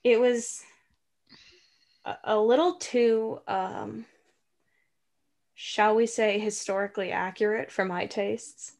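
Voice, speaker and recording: A woman co-hosts a relaxed movie chat in a middle-pitched voice. She talks playfully and rambles, with many likes and restarts. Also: slow pace, pauses often. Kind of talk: casual chat reviewing a movie.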